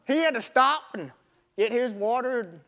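Brief: young man, very high voice, folksy animated storyteller, casual grammar. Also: moderate pace. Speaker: marathon runner telling his story. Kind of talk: storytelling talk.

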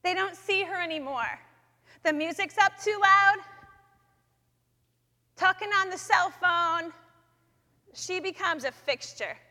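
A woman speaking in a chapel, sharing a personal faith story with lively storytelling in which she acts out her own thoughts. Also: very high voice, slow, pauses often. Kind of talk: personal testimony talk. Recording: long echoey hall reverb.

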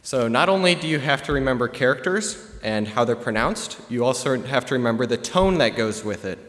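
A man's voice: medium pitch, brisk. Young man presenting in a reverberant hall. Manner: relaxed, chatty, many filler uhs. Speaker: student presenter. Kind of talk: live classroom presentation. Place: large hall with an audience.

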